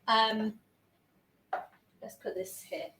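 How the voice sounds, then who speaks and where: Her voice on the high side and her words drawn out, a young woman bakes at home while chatting excitedly and swearing to her stream. She often moves away from the mic, and the echoey kitchen recording is very noisy with faint ambience.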